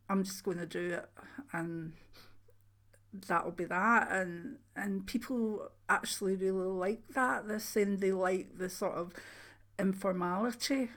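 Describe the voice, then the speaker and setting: An older woman with a soft Scottish accent, chatting casually to her channel viewers, rambling with frequent ums and restarts. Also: mid-range voice. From Scotland. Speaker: channel host, retired clairvoyant. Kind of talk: casual chat to camera.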